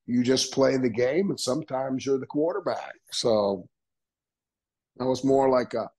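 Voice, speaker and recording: A man, a retired wrestler telling animated stories in an interview, acting out voices and laughing often. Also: mid-range voice, unhurried, breathy edge, low-quality recording. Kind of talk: storytelling interview.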